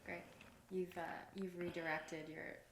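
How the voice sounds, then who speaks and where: A woman's voice: on the low side, level tone, measured pace, echoey room, slight background noise, low-quality recording. A woman hosting an interview, leading with conversational questions. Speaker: podcast host. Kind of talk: casual interview.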